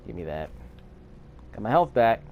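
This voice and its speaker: A man's voice: fairly low pitch, very animated, moderate pace, narrow, tinny audio. A man giving casual let's-play commentary, rambling and correcting himself as he chats over the game. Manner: rambling, self-correcting, chatty. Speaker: gameplay commentator.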